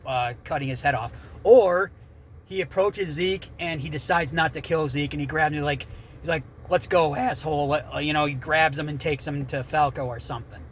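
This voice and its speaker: A man giving an off-the-cuff, rambling rant about an anime ending, swinging between loud outbursts and quieter muttering. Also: on the high side, slight background noise. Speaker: anime commentator.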